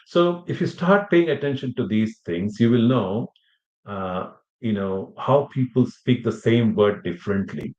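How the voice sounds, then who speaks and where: A man's voice: mid-range voice, expressive, unhurried, darkish tone. A man giving a classroom lecture, rambling with many fillers and restarts and checking in with his students. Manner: addresses students with questions. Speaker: language teacher. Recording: echoey room, muffled sound.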